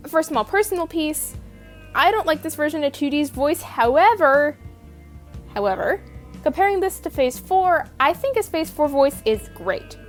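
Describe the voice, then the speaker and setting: A woman's voice: high-pitched, lively intonation, normal speed, soft background music. A young woman narrating a scripted video essay in a wry, opinionated, casually profane manner.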